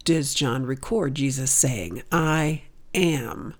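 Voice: mid-range voice, takes it slowly. A speaker teaching through a Bible passage in conversation, emphatic and dramatic when quoting scripture.

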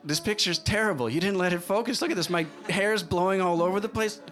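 A woman's voice: a bass voice, fairly even intonation, brisk, soft background music. A man voicing a witty young woman photographer who teases playfully, in a storytelling performance. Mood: teasing. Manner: playful, teasing.

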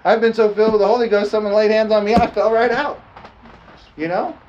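A man preaching with a slightly high voice, animated and chuckling as he throws "amen?" back at the congregation. The sound is a little dull, with faint room hum underneath. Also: a little fast. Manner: animated, chuckling, frequent call-and-response "amen?". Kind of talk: sermon. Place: church service, also streamed online.

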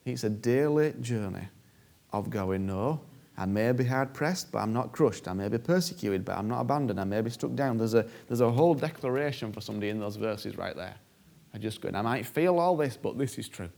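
A man's voice: on the low side, brisk, creaky, darkish tone. A male preacher delivering a sermon, stressing points by repeating phrases and acting out prayers. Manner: emphatic, repeats key phrases and acts out prayers.

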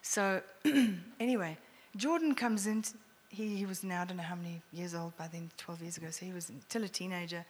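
A woman's voice: fairly low pitch, brisk, husky. Middle-aged woman telling a story in an echoey hall. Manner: animated, laughing often, drops to hushed near-whispers. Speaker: speaker sharing a testimony. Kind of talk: personal testimony storytelling. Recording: echoey hall with faint noise.

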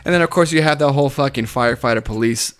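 A paramedic co-hosting a podcast trades work stories in casual chat, his medium-pitched voice racing along, clear and resonant. He swears often, laughs, and acts out what people said.

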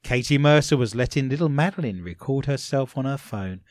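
A man's voice: medium pitch, a little fast, hardly any pauses, no echo. A man hosting a comedy talk show, telling odd news stories and joking with co-hosts. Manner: jokey, animated storyteller. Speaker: host.

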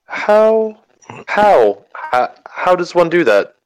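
A man's voice: lowish voice, lively intonation, measured pace, no room sound, poor audio. A man voicing a nervous, overly courteous male adventurer who stammers through his words. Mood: nervous questions.

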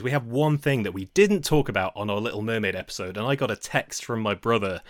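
A man's voice: medium pitch, dry recording, studio quality. A young man hosting a podcast, speaking in a playful, jokey way. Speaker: podcast host. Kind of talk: podcast chat with scripted intro.

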